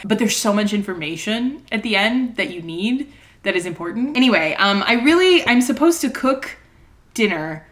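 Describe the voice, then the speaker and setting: A young woman chats casually to her vlog camera about a book series. Her voice sits mid-pitch, and she thinks aloud in a rambling way, full of fillers. She is openly emotional and dramatic. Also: expressive, moderate pace, fairly bright tone. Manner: rambling, thinking aloud with many likes and ums. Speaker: book vlogger. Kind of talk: casual reading vlog chat.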